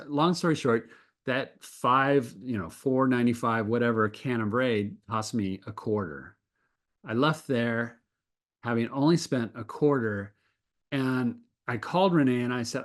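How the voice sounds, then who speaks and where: A man's voice: medium pitch, measured pace. A man telling a personal faith story as an interview guest. He speaks earnestly and often restarts his sentences. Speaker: guest animator.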